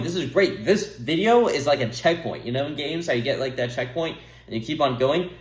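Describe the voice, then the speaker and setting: A man's voice: fairly high pitch, lively intonation, a little fast. A young man giving rambling, earnest advice to camera, breaking off to laugh at himself and drift off topic. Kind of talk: rambling casual monologue to camera. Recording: echoey room.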